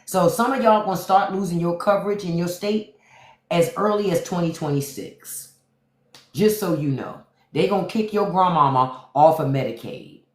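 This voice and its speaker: A woman's voice: fairly low pitch, normal speed, a little mellow. A woman hosting a livestream, talking back to the chat with profane, mocking commentary. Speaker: podcast host on a livestream. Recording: roomy echo.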